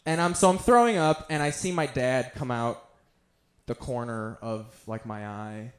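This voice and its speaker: Stand-up comic, man in his thirties, self-mocking and offhand, mid-pitched, live room echo. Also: unhurried. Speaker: stand-up comedian. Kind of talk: stand-up storytelling.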